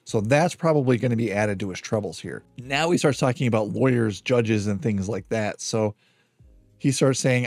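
A man's voice: on the low side, normal speed, darkish tone, no room sound. A man hosting a true crime podcast, reading out a stalker's messages in a casual, wry way with dry asides. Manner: wry, reads threats aloud with dry asides.

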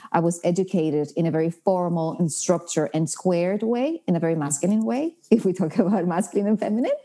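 Dominican woman with a low, mellow voice. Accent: Dominican Spanish. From Dominican Republic. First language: Spanish. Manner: enthusiastic, laughs often, restarts words. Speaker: guest. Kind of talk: casual interview.

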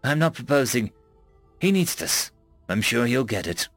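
A man voicing an earnest, gentle young woman student who speaks politely and reassuringly in a storybook reading. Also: medium pitch, very animated, moderate pace, no room sound, faint music behind.

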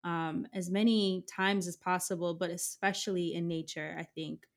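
A woman with a lowish voice hosts a casual podcast interview. She encourages her guest, asks open questions, and uses frequent "um" fillers. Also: steady tone, normal speed. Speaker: podcast host.

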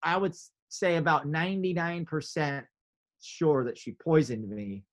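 Guy telling a story, voice a bit high, jumps way up when he acts out what people said. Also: measured pace. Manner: animated, acts out his own quotes with big pitch jumps. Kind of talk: casual storytelling.

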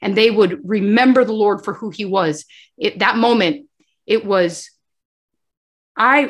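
A woman's voice: mid-range voice, measured pace, long pauses. A woman giving an emotional faith testimony as a guest, telling her story with animation and acting out the dialogue. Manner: animated storyteller who acts out dialogue and often addresses the host.

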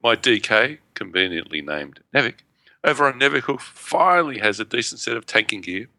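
A man's voice: fairly low pitch, sing-song, fairly quick, bright, forceful tone, no room sound. A man co-hosting a gaming podcast in casual chat, playful and joking, correcting himself as he reads. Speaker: podcast co-host. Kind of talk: casual chat, reading listener email.

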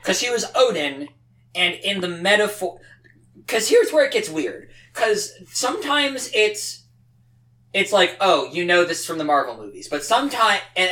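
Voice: mid-range voice, pushed and bright, low-quality recording. A podcast co-host in casual chat, rambling and sardonic, often breaking off mid-sentence. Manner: rambling, sardonic, self-interrupting.

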